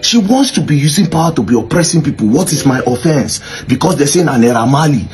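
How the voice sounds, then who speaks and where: A Nigerian man excitedly recounting events, mixing in Pidgin and acting out what others said. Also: a little high, fast, soft background music. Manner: excitable, mimics others' voices. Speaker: social media commentator recounting events. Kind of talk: animated storytelling in Pidgin-mixed English.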